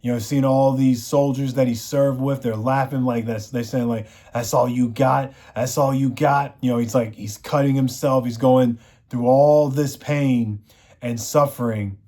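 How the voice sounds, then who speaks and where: A man's voice: mid-range voice, steady tone, moderate pace, warm tone. A man reviewing a TV show, recapping the plot in a rambling, casual way, full of "you know" fillers.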